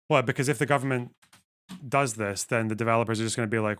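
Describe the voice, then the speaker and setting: A man's voice: medium pitch, steady tone, quick pace, fairly bright tone, smooth, dry recording. A man streams live, reading passages aloud and then breaking off into blunt, profane asides. His voice sits in an ordinary middle range. The sound is dry and close, with no room behind it. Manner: profane, sarcastic, reads text aloud and comments. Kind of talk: casual live-stream commentary.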